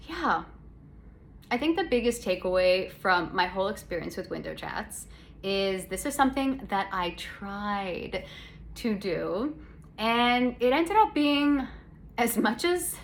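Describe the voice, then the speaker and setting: Speaking into a phone with a faint hiss or hum in the background, a Canadian podcast host in her young adult years chats alone in a sarcastic, meandering way, frequently correcting herself. Her medium-pitched voice has a slight brightness.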